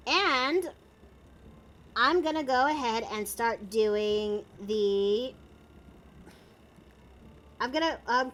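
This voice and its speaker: A woman's voice: on the high side, a bit bright, a little hiss or hum. A woman chatting casually while drawing on her art stream, narrating her steps in a playful way.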